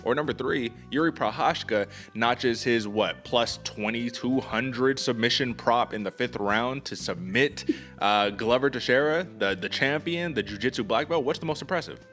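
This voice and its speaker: A man's voice: mid-range voice, normal speed, a bit bright, faint music behind. A man hosting a casual sports podcast, talking energetically and emphatically to his co-host.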